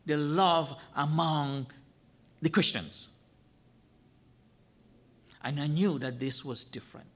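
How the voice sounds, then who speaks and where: Guy preaching a sermon, pretty high voice, keeps repeating stuff for emphasis and asking the crowd questions. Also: takes it slowly. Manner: emphatic, repeats key phrases, rhetorical questions. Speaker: guest preacher.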